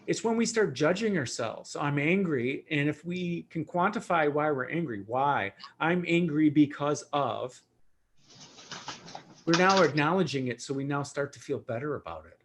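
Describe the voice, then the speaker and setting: Gentle man, slightly high voice. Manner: gentle, reflective and conversational. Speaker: Reiki teacher and host. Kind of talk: spiritual talk on a livestream.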